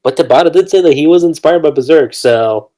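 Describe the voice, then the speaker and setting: Excitable stammering man hosting a podcast. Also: fairly high pitch, fairly quick, rough recording. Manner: excitable, stammering restarts, laughs often. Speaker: podcast host. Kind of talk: casual podcast discussion.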